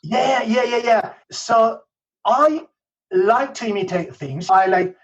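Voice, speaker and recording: The storyteller here is a Spanish man, a podcast guest with a very high-pitched, slightly rough voice who takes his time. He keeps restarting and peppering his casual interview stories with "you know" and "okay?", and the audio sounds dull.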